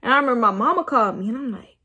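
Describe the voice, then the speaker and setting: A woman's voice: fairly high pitch, very fast, husky. Chatty young woman telling a wild storytime. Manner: animated, rambling, laughs at herself. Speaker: vlogger. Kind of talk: casual storytime.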